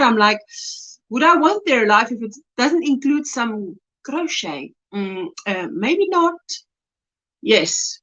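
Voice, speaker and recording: Woman from South Africa, livestream host, high voice, dull lo-fi audio, laughs often. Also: fairly bright tone. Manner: chatty, laughs often, reads viewer comments aloud. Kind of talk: casual livestream chat reading comments.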